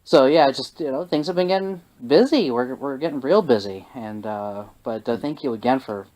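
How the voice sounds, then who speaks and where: A young man leads a relaxed podcast chat in a middle-pitched voice. He teases his co-host with deadpan jokes, and his speech stumbles along with plenty of fillers and restarts. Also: poor audio. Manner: teasing joker, halting with fillers.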